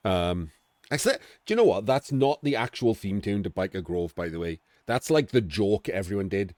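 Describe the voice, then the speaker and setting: A middle-aged man gives chatty, rambling game analysis, often breaking off and restarting his sentences. His voice is lowish and darkish with lively intonation, at normal speed and with no room sound.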